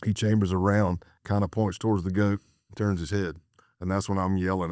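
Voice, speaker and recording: A man's voice: fairly low pitch, fairly quick, dry recording, clean studio sound. A middle-aged American man, a former undercover agent, telling a story as a podcast guest and acting out the dialogue he quotes. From United States.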